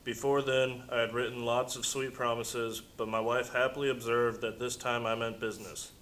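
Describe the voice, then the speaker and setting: A man in a study class reading a passage aloud in a steady, plain way. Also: medium pitch, moderate pace, slight background noise, rough recording. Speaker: class reader.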